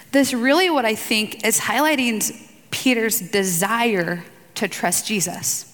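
A woman's voice: fairly high pitch, takes it slowly, long pauses, a bit bright, big-room sound. A woman speaking casually at a church gathering, mixing scripture reading with conversational asides and fillers. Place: room with tables for the group.

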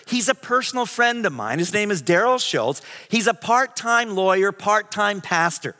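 A middle-aged man preaching and telling a story, animated, sometimes dropping to a hushed whisper. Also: sits high. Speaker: pastor. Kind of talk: sermon storytelling. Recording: long hall reverb.

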